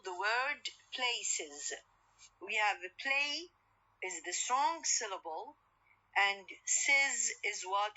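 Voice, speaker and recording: Lady lecturing on phonetics, crisp bright voice, muffled recording. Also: medium pitch. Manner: code-switching, asks and answers own questions. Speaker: phonetics teacher. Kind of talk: university lecture. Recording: dull lo-fi recording.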